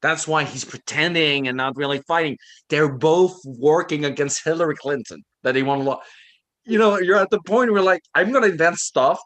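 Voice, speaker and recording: A man co-hosting an online book discussion over a video call, telling stories in an animated way and laughing often. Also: a little high, normal speed. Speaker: book club co-host.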